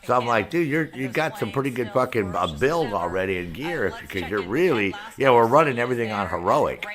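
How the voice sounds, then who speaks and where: A male gaming streamer venting to his chat in a loose, profane rant. He acts out both sides of an argument as he tells the story, and his voice sits at an ordinary middle pitch for a man. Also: a little fast, crowd noise. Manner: heavy cursing, animated storytelling with quoted back-and-forth.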